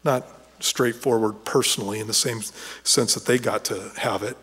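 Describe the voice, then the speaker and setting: A man preaching a sermon as pastor in a casual, conversational way, often restarting phrases and growing animated when he retells a scene. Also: lowish voice, normal speed, breathy edge, big-room sound. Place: church sanctuary.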